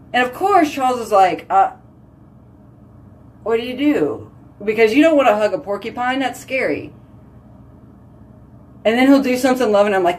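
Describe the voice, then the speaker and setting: A chatty woman, hosting a casual live stream and talking with her viewers. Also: a little high. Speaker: livestream host.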